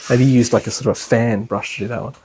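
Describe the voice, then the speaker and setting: A man's voice: mid-range voice, steady tone, quick pace, dark tone, slight background noise. A man giving a class as an instructor, talking loosely with many fillers and restarts. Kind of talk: lecture.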